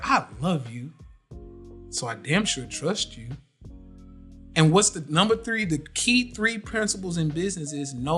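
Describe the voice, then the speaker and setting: Animated man hosting a podcast. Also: sits high. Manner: animated, preachy, repeats phrases. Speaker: podcast host. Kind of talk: casual live podcast talk.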